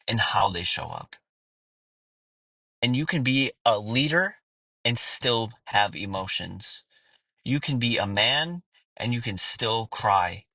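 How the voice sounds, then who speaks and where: A man in his thirties talks straight into the mic in a frank, swearing-heavy monologue, sincere and direct. His voice is bright and forward, and the recording is dry and close, with no room sound. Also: mid-range voice, no room sound, low-quality recording. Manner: blunt, profane and earnest, with frequent fillers. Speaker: podcast host. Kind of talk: candid personal monologue.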